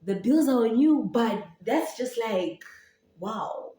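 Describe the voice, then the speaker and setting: A woman's voice: fairly high pitch, expressive, slow pace, warm tone. Young Zambian woman, Setswana twang, rambling casual vlog chat, roomy and off-mic. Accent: Setswana-tinged English. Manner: chatty, rambling, many fillers and restarts. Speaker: YouTuber and podcaster. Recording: roomy echo, voice from a distance.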